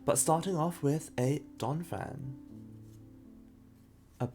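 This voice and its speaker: Speaking slowly in a voice that's on the high side yet darkish, a man opens trading card packs on a live stream as soft music plays. He's chatty, reacting to each pull and reading chat aloud, laughing often and fumbling names he can't quite pronounce.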